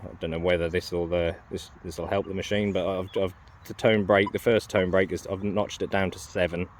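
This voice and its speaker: A man's voice: low-pitched, little pitch movement, fairly quick, a little hiss or hum. Rambling man in an open field. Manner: rambling, hesitant, many ums and self-corrections. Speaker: metal detecting vlogger. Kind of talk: casual talk while detecting outdoors. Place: open farm field outdoors.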